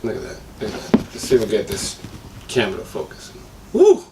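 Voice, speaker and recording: A hoarse man chats through a sneaker review with a lot of slang and eager rambling. His voice cracks now and then. He sits back from the mic in an echoey room with clear noise behind him. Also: fairly low pitch, fast talker, recorded from a distance.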